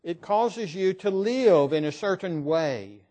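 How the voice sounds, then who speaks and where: A man preaching a sermon in an earnest, emphatic, measured way. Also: high voice, expressive, dark tone.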